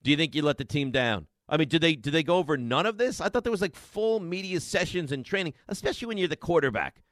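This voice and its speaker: A sports radio host hammers his point home with repeated rhetorical questions. His voice sits a little high and sounds bright and forceful. The studio sound is dry and close. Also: animated, quick pace, no room sound. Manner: emphatic, repetitive rhetorical questions. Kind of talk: sports talk radio rant. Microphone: studio microphone.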